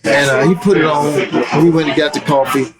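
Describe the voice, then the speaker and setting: A middle-aged man telling stories in a relaxed, animated way as an interview guest, with many "man" fillers. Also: on the high side, brisk, loud music behind the voice, low-quality recording. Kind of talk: casual storytelling.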